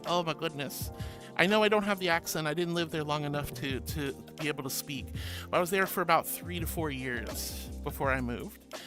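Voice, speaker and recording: A woman's voice: low-pitched, fairly quick. A woman with an American accent streaming live, reading chat aloud in a sweet, doting, giggly way. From born in Australia, raised in the US. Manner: sweet, doting, calls viewers sweetie and honey; giggly and bubbly. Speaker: VTuber streamer. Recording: background music under the voice.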